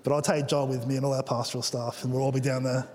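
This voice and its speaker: A man's voice: medium pitch, flat delivery, quick pace, darkish tone. A man preaching a sermon as pastor, playful, with joking asides to the congregation. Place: church auditorium. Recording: long hall reverb.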